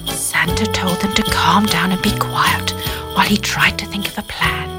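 A woman narrating a Christmas storybook in an expressive reading manner. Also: lowish voice, normal speed. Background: children's music.

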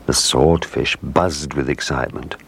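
Very deep-voiced male storyteller. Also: unhurried, slightly rough. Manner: expressive storytelling. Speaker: narrator. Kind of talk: children's story reading.

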